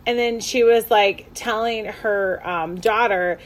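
A woman's voice: mid-range voice, slow. A young adult woman co-hosting a podcast, gushing and laughing often, full of "like" fillers. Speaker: podcast co-host. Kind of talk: casual chat.

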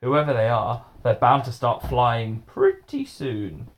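A man voicing a calm, level-headed schoolboy in a storybook reading. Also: mid-range voice, slow pace, heavily acted.

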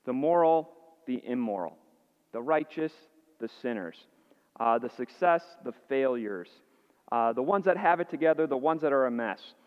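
Preaching to his congregation, this pastor speaks at a moderate pace with a medium-pitched, expressive voice. Earnest rhetorical questions are aimed at the listeners, and he doubles back on words as he restarts phrases. It's captured with a dull, echoing hall sound.

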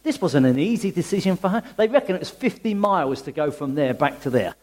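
A man preaching a conversational sermon in a church, full of rhetorical questions and quick restarts. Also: on the high side, sing-song, darkish tone.

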